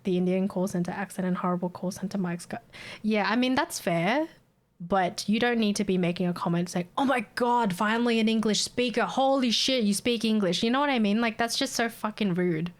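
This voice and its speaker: A woman's voice: mid-range voice, fairly quick. A young Australian woman with an Australian accent, chatting casually with her stream viewers in a blunt, sweary way and laughing often.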